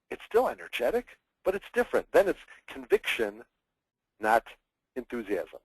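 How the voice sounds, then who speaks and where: Lively, animated man giving a webinar. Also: mid-range voice, normal speed, husky, no room sound, low-quality recording. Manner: energetic, animated, acts out examples in mock voices. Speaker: public speaking trainer. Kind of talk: webinar presentation.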